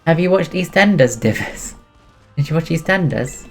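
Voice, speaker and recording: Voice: mid-range voice, lively intonation, normal speed, creaky, soft background music. Streamer gabbing w chat while gaming, jokey n giggly. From England. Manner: chatty, talks back to viewers, jokey and giggly. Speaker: game streamer. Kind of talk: casual live-stream chat.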